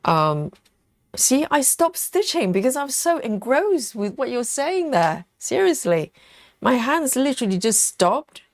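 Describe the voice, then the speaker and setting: A British woman chats unhurriedly through a live stitch-along, reading comments aloud and laughing easily. Her pitch swings widely as she muses, and the sound is dry and close. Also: big pitch swings, a little slow, no room sound. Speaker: livestream host reading viewer chat. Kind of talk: casual live chat while cross-stitching.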